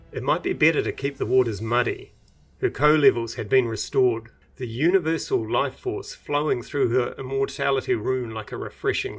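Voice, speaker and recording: A man reading his own fantasy novel aloud in measured, even audiobook narration. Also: medium pitch.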